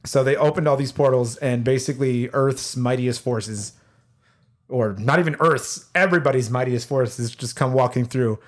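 A man casually retelling movie scenes to friends, animated and swearing freely as he acts out the big moments. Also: medium pitch, normal speed. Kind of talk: casual movie recap chat.

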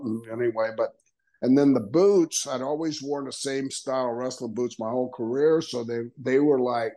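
An older man talks as a podcast guest, spinning casual stories and slipping into the voices of the people he quotes. He laughs often and keeps a steady, mid-range pitch. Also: moderate pace, poor audio. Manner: animated storyteller acting out quoted dialogue, laughing often. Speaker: guest, retired wrestler. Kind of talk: casual storytelling interview.

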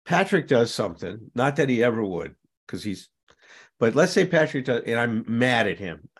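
A man's voice: medium pitch, normal speed, husky. Guy hosting a recovery chat, voice swings up and down a lot, really emphatic. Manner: animated, emphatic, acts out angry quotes. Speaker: host. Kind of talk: conversational talk on recovery.

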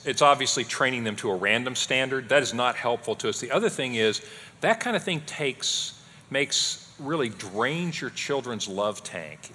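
A middle-aged man teaches parents in a church hall, his husky voice bright and full of swings in pitch. He talks conversationally and breaks into playful quotes of his kids and wife. A long hall reverb trails behind him. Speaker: pastor co-teaching a parenting class.

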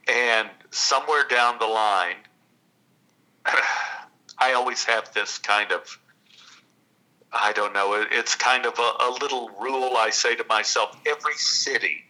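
Bright-toned storyteller man from Texas. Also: medium pitch, fairly even intonation, rough recording. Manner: unhurried, reflective, with long pauses. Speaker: guest actor and storyteller. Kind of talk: reflective interview storytelling.

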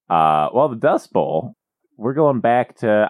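A man co-hosting a podcast in casual comedic chat, teasing his partner with dry banter, in a small dark room. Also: mid-range voice, big pitch swings, slow, no room sound. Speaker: podcast co-host.

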